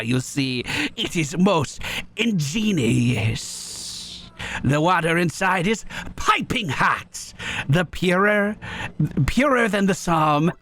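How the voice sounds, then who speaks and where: A man's voice: high voice, a bit bright, heavily acted. A man voicing a smarmy, flirtatious male flea merchant in a put-on French accent, oily and theatrical.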